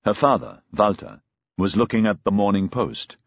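A man's voice: fairly low pitch, normal speed, no room sound, clean studio sound. A man narrating a novel as an audiobook, telling the story expressively.

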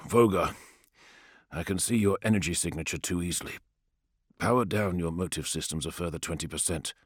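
A man's voice: low-pitched, fairly quick, slightly rough, dry recording, clean studio sound. A man voicing a terse armored warrior captain. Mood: commanding. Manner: clipped, commanding orders.

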